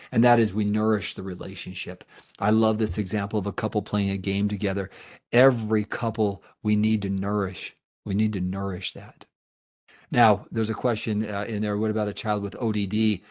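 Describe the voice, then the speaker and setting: A man's voice: lowish voice, darkish tone. Earnest man presenting a webinar. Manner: earnest, emphatic repetition; answers audience questions. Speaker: therapist giving a presentation.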